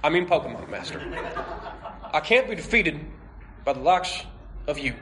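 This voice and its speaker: A man playing a young trainer as a calm, halting politician impression at a live comic script read. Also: fairly high pitch, noisy background. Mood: grandiose. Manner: slow, halting speechmaker cadence.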